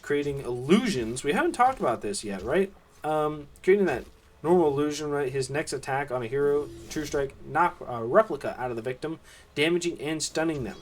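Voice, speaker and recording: A man's voice: fairly high pitch, a little hiss or hum. A man with a Southern US accent giving casual solo play-by-play commentary on an esports match. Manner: easygoing, chatty, with asides and fillers. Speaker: esports caster.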